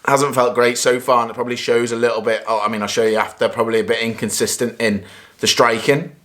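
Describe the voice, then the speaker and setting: A man's voice: mid-range voice, fast. Chatty man commenting between golf shots. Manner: chatty, self-critical, bursts of excited exclamations. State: a bit out of breath at times. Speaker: golf vlogger. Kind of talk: casual vlog commentary while hitting shots.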